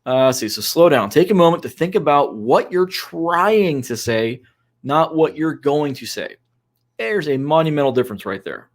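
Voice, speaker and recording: A man's voice: on the high side, lively intonation, moderate pace. A man co-hosting a casual podcast discussion, giving instructive advice with frequent fillers. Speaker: co-host.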